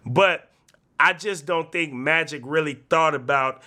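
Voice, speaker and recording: A man hosting a casual sports talk show, laying out his opinions at length in a measured way. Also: on the high side, bright, forceful tone. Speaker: show host.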